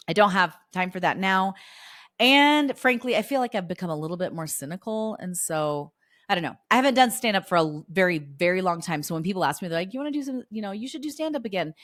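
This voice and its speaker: Woman in her forties, podcast host, lower-pitched, close and dry; chatty, encouraging. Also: no room sound. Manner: chatty, warm encouragement with quoted dialogue. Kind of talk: casual solo podcast talk.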